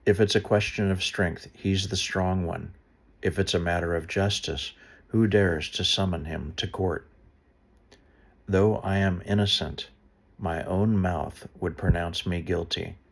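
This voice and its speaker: A man reading a Bible passage aloud slowly and deliberately, stopping now and then to explain the footnotes. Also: low voice, steady tone, vocal fry. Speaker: Bible reader. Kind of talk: unscripted Bible reading with asides.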